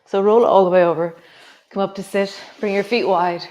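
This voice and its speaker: A woman teaching a yoga class, giving calm, slow movement cues with soft trailing words. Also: medium pitch. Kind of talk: guided yoga class instruction.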